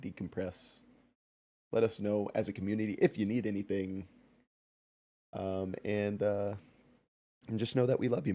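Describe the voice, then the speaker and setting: A man's voice: fairly low pitch, warm tone. A man giving casual, jokey commentary while streaming a game, laughing often and chatting with his viewers.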